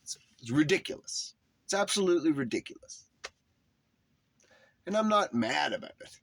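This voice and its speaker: A man's voice: a little high, sing-song, normal speed, gravelly, fairly bright tone, dry recording. A man delivering a heated, profane rant, putting heavy emphasis on his words and tone. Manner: heated, emphatic, swearing often. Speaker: religious commentator.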